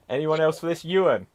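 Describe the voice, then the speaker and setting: A man's voice: fairly high pitch, husky. A man hosting an improv comedy show, chatting loosely between games with plenty of fillers and asides.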